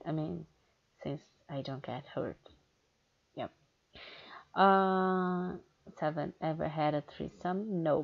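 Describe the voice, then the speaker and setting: In a casual question-and-answer chat, an erotic audio creator speaks slowly and candidly, hesitating often on fillers. She has a low, gravelly voice, and the recording sounds dull and lo-fi.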